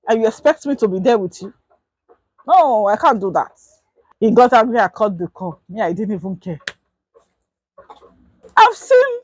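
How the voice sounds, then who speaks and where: Young Nigerian woman vlogger, husky voice, close and dry, lively storyteller. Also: a little high, dry recording, rough recording. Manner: animated, acts out quotes in raised voice. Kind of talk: casual storytime.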